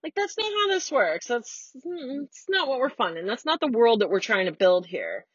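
A woman's voice: fairly high pitch, very animated, normal speed, breathy edge, no echo. Forties American woman podcaster, blunt and sweary, recorded dry and a bit muffled in her car. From United States. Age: 40s. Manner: blunt, swearing, heated and sarcastic. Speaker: podcast host. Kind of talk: casual solo rant. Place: parked car.

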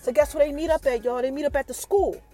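A woman's voice: high voice, quick pace, soft background music. A woman hosting a podcast, giving a casual TV episode recap and keeping her listeners involved with questions. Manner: animated, keeps asking the listeners questions. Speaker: podcast host.

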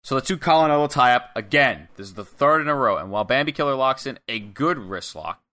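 A young man with a bright, forward voice walks through a wrestling match move by move in casual podcast chat. He rambles a little and slips into quick acted-out quotes, at an ordinary middle pitch. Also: lively intonation.

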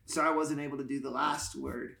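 A man's voice: medium pitch, steady tone, brisk, creaky, background noise. A man, a pastor and podcast co-host, explaining Bible passages in a casual, playful and enthusiastic way. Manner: playful, enthusiastic teacher who jokes and explains. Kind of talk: casual Bible teaching chat. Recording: roomy echo.

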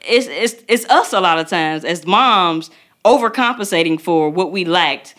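A woman's voice: on the low side, animated, normal speed, a bit bright. A woman in her thirties co-hosting a podcast, chatting casually and animatedly, laughing often. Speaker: podcast co-host.

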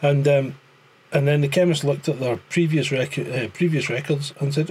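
A man's voice: on the high side, normal speed, a little mellow, slight background noise. A Scottish man in casual podcast chat, blunt and sweary, with a joking edge. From Scotland. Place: living in France.

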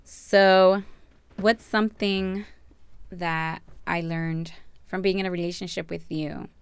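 Woman, casual couple chat, low-pitched, smooth tone, soft-spoken. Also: steady tone, takes it slowly, dry recording.

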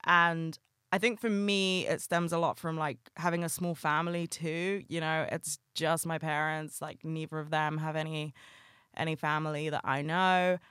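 A woman's voice: sits low, little pitch movement, normal speed, a bit bright, clean tone, no echo, studio quality. A woman hosting a solo podcast, talking candidly and emotionally, swearing often. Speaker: podcast host.

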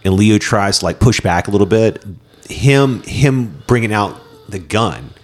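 A man's voice: lowish voice, lively intonation, measured pace. A man in his thirties co-hosting a casual movie podcast, loose and profane, with lots of fillers. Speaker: podcast co-host.

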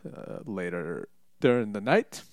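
A man's voice: fairly low pitch, very animated, unhurried, a little mellow, dry recording. A young man chatting casually, telling rambling, joking stories full of fillers and restarts. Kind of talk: casual storytelling chat.

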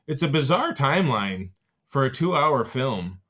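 A man's voice: medium pitch, big pitch swings, unhurried, pushed and bright. A man joking sarcastically about a movie in casual podcast chat, swearing freely. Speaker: podcast guest. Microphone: sharing one mic in a kitchen.

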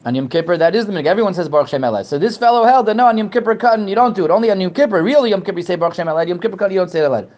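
A man giving a Torah lesson to a class, animated, asking questions and often repeating words. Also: high voice, rapid-fire, few pauses, dull audio. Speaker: Torah teacher. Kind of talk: lecture to a class.

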